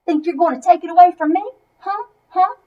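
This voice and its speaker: A woman's voice: on the high side, animated, slow, highs cut off, voice pushed down. A woman voicing a mean new schoolboy who growls and sneers his lines. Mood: snarling.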